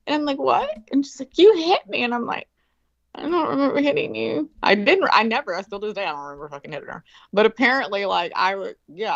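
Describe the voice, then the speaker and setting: A woman, telling a story in a casual chat, animated and swearing freely, acting out quoted voices. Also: medium pitch, no echo. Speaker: guest. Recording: dull lo-fi call audio.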